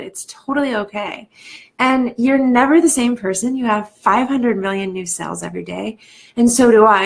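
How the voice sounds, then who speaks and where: A woman coach talking to viewers on a live stream from home in the evening. She sounds reflective and emotional, laughs often, and fills her talk with "like". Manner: greets viewers in a bright, high lift. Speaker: life coach and speaker.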